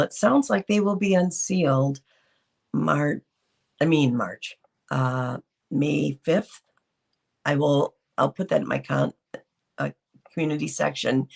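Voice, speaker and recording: This livestream host has a low, creaky, husky voice. She chats unscripted during a laid-back reaction stream, saying um a lot and welcoming people in the chat.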